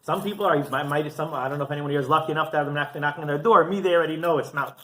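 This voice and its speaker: A man's voice: fairly high pitch, racing, slight background noise. A rabbi giving a sermon as a story, chuckling often and checking in with his listeners. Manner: animated, chuckling, keeps asking "right?". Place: synagogue.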